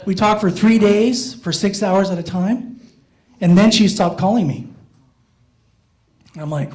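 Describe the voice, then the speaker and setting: A man with a high, light voice telling self-deprecating stories in a stand-up comedy set on a small theater stage. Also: unhurried, pauses often, darkish tone, low-quality recording. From Iowa, USA. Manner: self-deprecating storytelling, jumps up in pitch for inner thoughts.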